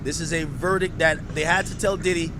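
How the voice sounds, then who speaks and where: High-voiced, rowdy male podcast host. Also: a little fast, noisy background. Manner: animated, profane, at times shouting. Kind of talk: casual reaction commentary.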